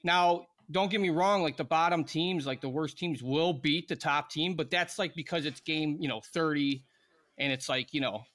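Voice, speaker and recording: A man's voice: on the high side, moderate pace, a bit bright. A man in his thirties, a former pro hockey player, casually telling a rambling story on a podcast with lots of fillers and laughter.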